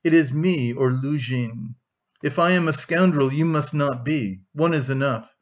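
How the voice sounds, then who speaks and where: A man reading an audiobook, voicing a bitter young man who speaks gravely and dryly. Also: a little high, unhurried, lo-fi sound, close to an everyday voice. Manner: grave, dry, scornful.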